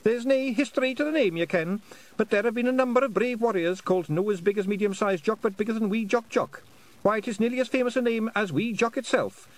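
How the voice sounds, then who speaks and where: Male reader doing a tiny Scottish pixie warrior, squeaky high and keen to help, in a storybook. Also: fast, close to an everyday voice. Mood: earnest. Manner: earnest, eager to help.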